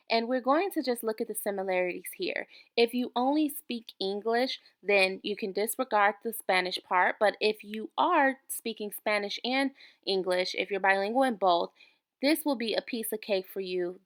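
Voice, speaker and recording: Woman tutor in an online lesson, patient, says each word twice slowly. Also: medium pitch. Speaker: language tutor.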